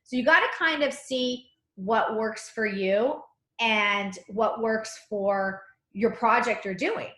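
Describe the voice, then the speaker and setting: A chatty, bubbly woman leads a live online cookie decorating class, rambling happily as she works. Her voice sits a little high and carries the echo of a roomy kitchen. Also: takes it slowly, pushed and bright. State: slight cough. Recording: echoey room.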